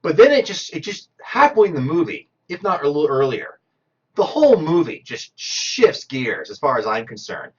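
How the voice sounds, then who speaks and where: A man co-hosting a casual film commentary, talking through scenes in a lively, animated way with quoted asides. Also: fairly high pitch, normal speed, husky, dull audio. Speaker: podcast co-host.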